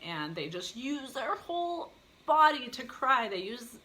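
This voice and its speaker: A woman's voice: a little high, sing-song, a little slow, bright, forceful tone. A woman singing teacher leading an online lesson, encouraging students and demonstrating vocal exercises.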